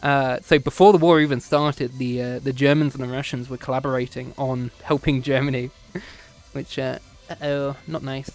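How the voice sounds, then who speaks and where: A British man gives an off-the-cuff history lesson on a home streaming setup during a VR chat session, with faint music behind him. His mid-range voice has fairly even intonation and normal speed as he rambles, digresses, and corrects himself with small laughs.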